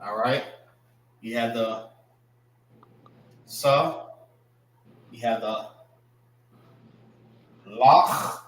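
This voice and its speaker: A man leads a classroom language lesson, speaking at an unhurried pace and drilling each word over and over, spelling it out. His tone is casual and plain. The sound carries the roomy echo of a classroom. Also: fairly low pitch, completely flat delivery. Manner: casual, repeats and spells out words slowly. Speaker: class instructor.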